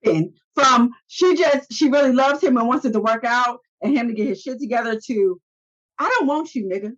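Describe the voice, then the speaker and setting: A woman's voice: fairly high pitch, normal speed, muffled recording. A woman co-hosting a casual podcast, recapping a reality show in a blunt manner, swearing freely. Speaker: podcast co-host.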